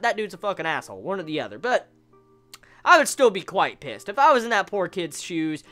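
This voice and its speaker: A woman giving a casual, blunt and profane anime review, with stammered restarts and drawn-out rhetorical questions. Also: mid-range voice, pushed and bright. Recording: faint music behind.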